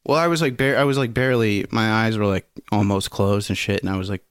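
A man's voice: on the low side, fairly even intonation, quick pace, clean tone, dry recording, studio quality. A man co-hosting a podcast, telling a rambling, profane story and laughing often. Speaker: podcast co-host. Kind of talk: casual podcast chat.

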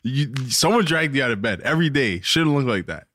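A man's voice: mid-range voice, expressive, fairly quick, a bit bright, no room sound, clean studio sound. A young man co-hosting a podcast, talking in a laid-back, slangy way and laughing often. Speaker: podcast co-host. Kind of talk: casual chat.

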